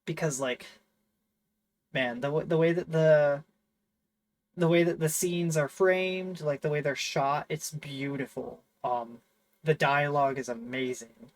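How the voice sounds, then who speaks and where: A man chatting casually as host, rambling through a story with plenty of fillers and restarts. He sounds enthusiastic, and his voice sits a little high for a man. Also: steady tone, a little slow, rough recording. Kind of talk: casual chat.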